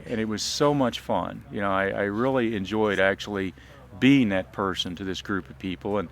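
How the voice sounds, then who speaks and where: A man's voice: on the low side, normal speed, vocal fry. A man from Southern Illinois, a reenactor, talking casually in an interview outdoors with frequent ums. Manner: relaxed, frequent um and uh, restarts. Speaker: reenactor and biology teacher.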